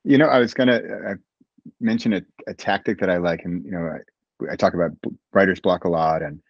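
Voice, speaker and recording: Animated male storyteller, dull lo-fi sound. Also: deep voice, fairly quick, no echo. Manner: animated storyteller, frequent restarts. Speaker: guest author. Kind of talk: casual interview chat. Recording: dull, dry lo-fi audio.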